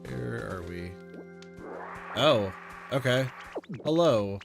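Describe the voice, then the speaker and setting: A man's voice: medium pitch, expressive, normal speed, long pauses. A man streaming a video game, chatting casually and thinking aloud with lots of fillers. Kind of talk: casual let's-play commentary. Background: game music.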